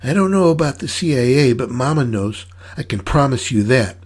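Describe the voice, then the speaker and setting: A man's voice: mid-range voice, lively intonation, normal speed, voice pushed up, lightly acted. A man voicing a sly male sideshow pickpocket and ex-sailor with a smug, gloating manner.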